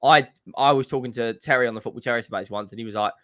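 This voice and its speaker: A young man co-hosting a football fan livestream, telling animated, jokey stories in casual chat. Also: mid-range voice. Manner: animated storyteller, jokey, quick restarts.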